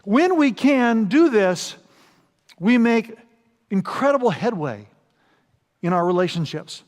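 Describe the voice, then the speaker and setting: A man preaching a sermon as pastor, animated and acting out quoted voices. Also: high voice, slow. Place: large church hall. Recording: long hall reverb.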